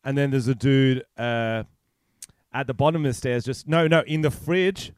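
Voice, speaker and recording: A man's voice: mid-range voice, steady tone, normal speed, smooth, no room sound, clean studio sound. Crude rambling man on a podcast. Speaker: podcast co-host. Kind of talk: crude casual banter. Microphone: remote call mic.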